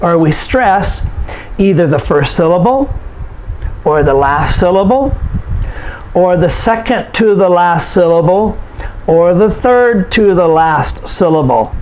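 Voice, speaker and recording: Patient male English teacher, high voice. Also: darkish tone, a little hiss or hum, rough recording. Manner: patient, repeats words and rules slowly for learners. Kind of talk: slow, deliberate lesson to learners.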